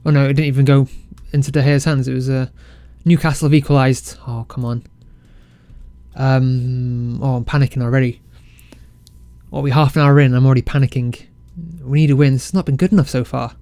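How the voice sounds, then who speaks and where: A man casually commentating his football management game, excitable and self-mocking. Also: mid-range voice, brisk, no room sound. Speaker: game let's-play creator.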